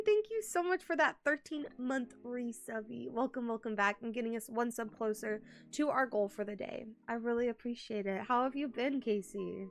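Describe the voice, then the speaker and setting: A young woman from Texas streaming a game from home, chatting warmly and answering her viewers. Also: a little high, normal speed, hardly any pauses. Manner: chatty and warm, reads and answers chat. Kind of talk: casual live-stream chat.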